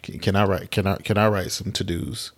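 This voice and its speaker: A man's voice: deep voice, fairly even intonation, a little fast. A man co-hosting a podcast in casual chat, playful and exclaiming, laughing often. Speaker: podcast co-host.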